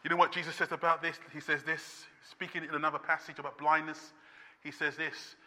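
A man preaching a sermon as pastor, impassioned and building to shouts with repeated refrains. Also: on the high side, level tone, fairly quick. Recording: long reverb of a church hall.

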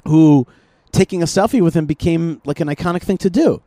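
A man hosting a casual podcast conversation, animated, often repeating himself and restarting his sentences. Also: a little high, a little fast, dry recording. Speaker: podcast host. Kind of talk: casual political chat.

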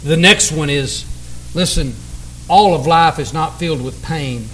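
Man, pastor, sermon, high voice, impassioned, loud then hushed, faint hum. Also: a little slow, poor audio. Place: church sanctuary.

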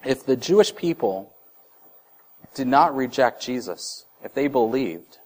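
With a mid-range, slightly mellow voice, a man in his thirties delivers a sermon as a pastor. He keeps it conversational, breaking into brief acted-out voices and starting phrases over.

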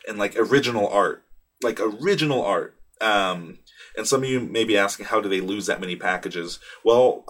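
A man's voice: on the low side, moderate pace, fairly bright tone. A young man hosting a casual solo podcast, rambling with lots of fillers, restarts and swearing, laughing at himself. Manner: rambling, profane, self-deprecating, many fillers and restarts. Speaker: podcast host. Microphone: studio microphone in a small booth.

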